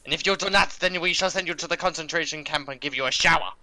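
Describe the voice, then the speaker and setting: A barking mock German officer who stresses every single word in a clipped, stern cadence, as a man puts him on. The voice sits higher and louder than a plain speaking voice, with a bright, forceful edge. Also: fast.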